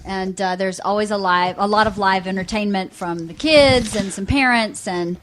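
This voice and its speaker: A woman's voice: mid-range voice, moderate pace, fairly bright tone, slight background noise. A woman co-hosting a podcast in casual chat, chiming in with short affirming remarks. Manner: chimes in briefly, affirming. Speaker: podcast co-host.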